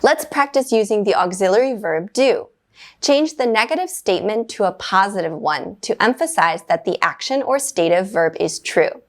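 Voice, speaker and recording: Woman teaching grammar, calm clear explaining, quick cheery "good" and "great" between drills. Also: mid-range voice. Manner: clear, measured explaining with brief upbeat praise. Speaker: English teacher. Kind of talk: scripted grammar lesson.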